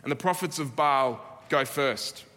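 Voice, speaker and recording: A man with an Australian accent preaching a sermon, earnest and emphatic, with dramatic pauses. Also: medium pitch, sharp tone, in a large hall. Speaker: pastor.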